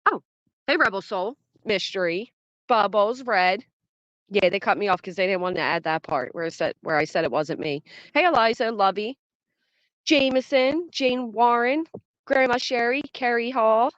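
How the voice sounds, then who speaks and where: A woman's voice: on the high side, moderate pace, fairly bright tone, no echo. Woman in her 30s on a livestream, rattling off viewer names, dull dry lo-fi sound. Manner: chatty, greets viewers by name while reading chat. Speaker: livestream host. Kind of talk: casual livestream chat.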